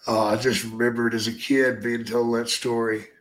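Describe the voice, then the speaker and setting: A man's voice: mid-range voice, flat delivery, moderate pace, fairly bright tone. An older man talking as a podcast guest, answering in short, laid-back replies. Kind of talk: casual podcast chat.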